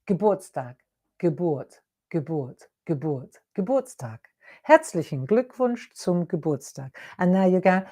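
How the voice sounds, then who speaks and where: A middle-aged woman leads a live craft demonstration, chatting and coaxing her viewers along as she works. Her voice sits a little low, and she takes her time. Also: lively intonation, measured pace, mellow, slightly rough. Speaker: craft show host.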